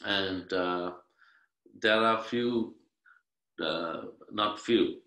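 Middle-aged man from Sri Lanka, bright tone, casual and hesitant, roomy echo. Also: low voice, very slow. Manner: rambling, with many uhs and restarts. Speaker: guest musician. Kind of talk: casual interview chat.

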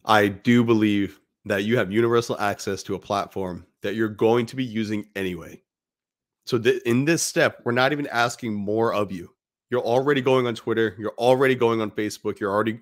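A man co-hosting a podcast, giving blunt, profane, emphatic motivational talk to fathers. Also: lowish voice. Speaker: podcast co-host.

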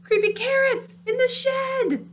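A woman's voice: very high voice, fairly even intonation, measured pace, fairly bright tone, a little hiss or hum, pitched above the performer's own voice. A woman voicing a jumpy, frightened young boy rabbit in a storybook read-aloud, shrieking in panic. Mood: panicked.

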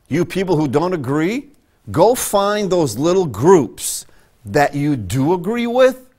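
Male pastor, lively and emphatic sermon delivery, slightly high voice. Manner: emphatic, conversational preaching with sudden pitch jumps. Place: church sanctuary.

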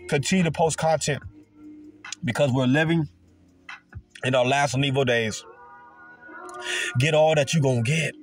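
A man's voice: mid-range voice, steady tone, moderate pace, long pauses, faint music behind. A man, giving a profane motivational sermon, emphatic and repetitive with heavy swearing. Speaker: motivational speaker.

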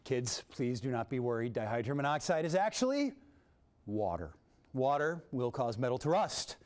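A man hosting a kids' science demonstration in a TV studio, energetic and showy, with big swings in pitch and loudness. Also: moderate pace. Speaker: science presenter for kids.

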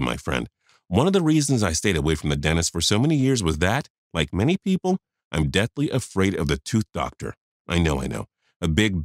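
A man's voice: low voice, no echo, studio quality. A man in his fifties narrating a first-person story, confiding and talking straight to the listener.

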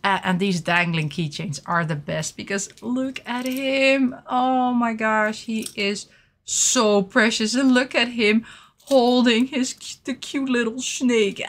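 A young woman casually showing off her collectible merchandise, gushing and excitable with frequent giggles. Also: fairly high pitch, slow. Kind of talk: casual unboxing chat.

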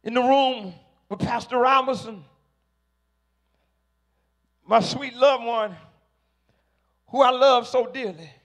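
A man preaching a sermon to a congregation, slow and emphatic, rising to shouted peaks. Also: extremely high pitch.

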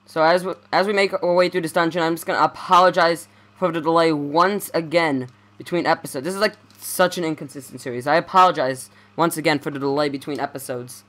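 A man's voice: on the high side, pushed and bright. A young man giving casual let's play commentary, rambling and stammering as he corrects himself.

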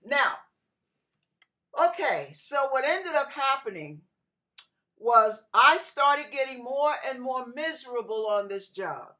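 A middle-aged woman pastor preaching a sermon, telling a personal story with animated delivery and acting out other people's voices. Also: high voice, slow pace.

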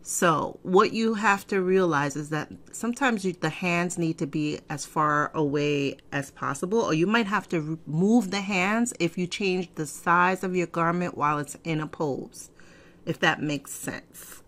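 A woman hosting a casual software tutorial, chatty and digressive, often clearing her throat. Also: fairly low pitch, unhurried. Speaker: fashion software tutorial host. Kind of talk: casual screen-recorded tutorial. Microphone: desk microphone.

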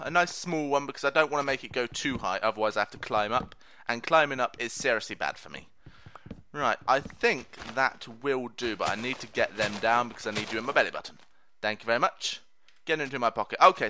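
A man's voice: medium pitch, pushed and bright. A man hosting gameplay commentary, chatty, playful and mock-boastful. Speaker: let's play host.

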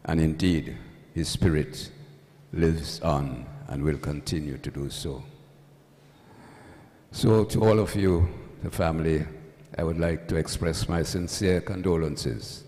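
A male priest reading the gospel and preaching at a funeral service in a church, with a measured, solemn delivery and touches of dry humor. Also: a bass voice, dark tone. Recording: long church reverb.

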